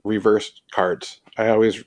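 A man in his forties in casual chat, speaking in a hesitant, halting, soft-spoken way. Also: fairly low pitch, little pitch movement. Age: 40s.

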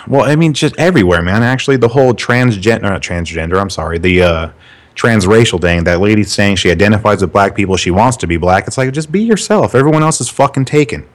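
A man's voice: fairly low pitch, lively intonation, fast. A young man from California, cohosting a casual podcast chat, rambling and cursing freely. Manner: profane, rambling. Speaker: podcast host.

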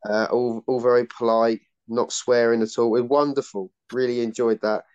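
A man's voice: mid-range voice, flat delivery, normal speed, a little mellow, smooth, no echo, highs cut off. A man, a regular panelist on a casual football podcast, joking dryly. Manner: dry, joking. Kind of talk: casual chat among friends.

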